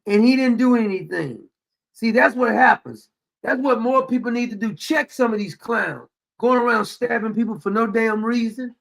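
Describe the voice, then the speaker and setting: A man's voice: very high-pitched, moderate pace, vocal fry, a bit bright. A man hosting a casual commentary show, talking emphatically, repeating his points and retelling scenes with quoted lines. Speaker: host.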